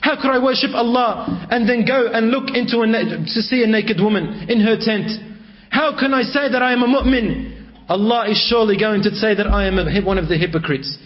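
A terrified young sinner, as a man storyteller puts him on, pleading in a raised, strained voice. The voice rises high with panic and remorse. It comes through a dull, muffled lo-fi recording. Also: a little fast, close to an everyday voice. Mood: anguished.

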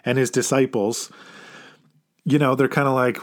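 A man's voice: mid-range voice, little pitch movement, normal speed, pauses often. A man preaching an informal, conversational sermon as a pastor, earnest and emphatic at key points.

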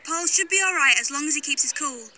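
Lookout in the bushes, high voice, urgent reports, outdoor noise around. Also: expressive, quick pace. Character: lookout hiding in bushes outside a station.

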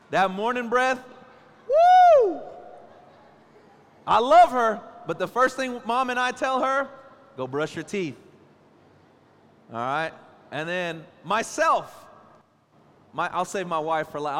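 On a church stage, a man in his thirties with a voice on the high side delivers a playful sermon full of jokes and lively family stories. He's a pastor, and the audio carries church hall reverb plus slight background noise.

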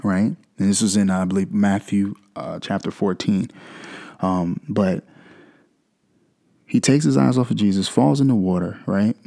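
A man's voice: on the low side, fairly even intonation, unhurried, vocal fry, warm tone. A young man hosting a devotional podcast, talking through scripture in a loose, conversational way with frequent "right?" asides. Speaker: podcast host. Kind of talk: casual devotional podcast talk.

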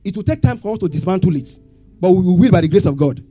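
A man's voice: high-pitched, lively intonation, fast talker, mellow, breathy edge, soft background music. A man preaching a sermon, asking the congregation questions and having them answer back. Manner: call-and-response questions to congregation. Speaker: pastor.

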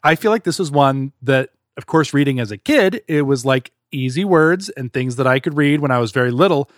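A man's voice: mid-range voice, expressive, fairly quick, dry recording, studio quality. A man co-hosting a podcast in casual chat, talking in an enthusiastic, rambling way. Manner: enthusiastic, chatty, fond of tangents. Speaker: podcast co-host.

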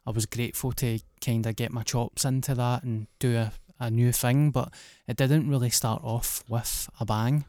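A man's voice: medium pitch, fairly even intonation, normal speed, few pauses, dark tone, no room sound, clean studio sound. A Scottish man, a guest comedian, telling blunt, plain-spoken stories in casual chat. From Scotland.

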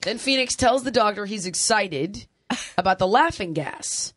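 A woman's voice: medium pitch, moderate pace, no echo, studio quality. A woman in her forties, a podcast host, telling a crude, funny family story in casual chat, laughing often. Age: 40s. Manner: animated, laughing, crude humor.

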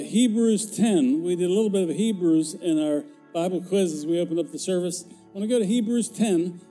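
High, mellow-voiced older male preacher. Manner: folksy, jokey, grows emphatic. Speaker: former pastor, guest preacher. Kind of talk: sermon. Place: church sanctuary.

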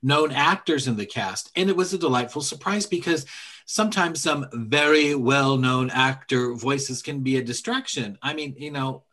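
A man's voice: medium pitch, moderate pace, bright, forceful tone. A man co-hosting a casual podcast, rambling and playful, often trailing off mid-thought. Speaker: podcast co-host. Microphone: remote call microphone.

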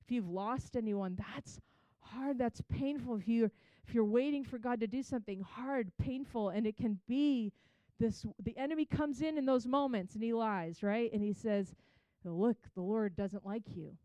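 A woman's voice: fairly high pitch, moderate pace, warm tone, clear, resonant tone, no echo. A woman giving a chatty, conversational Bible teaching, retelling scripture in her own words.

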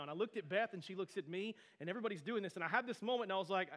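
A male pastor in his thirties delivers a sermon in a relaxed, conversational way. He tells stories animatedly and breaks off into friendly asides. His voice sits slightly higher than most men's. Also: racing, hardly any pauses.

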